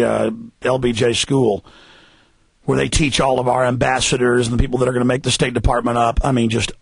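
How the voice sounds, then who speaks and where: A man's voice: mid-range voice, vocal fry, slightly rough, dry recording. A man hosting a talk radio show, delivering a fiery, heated rant.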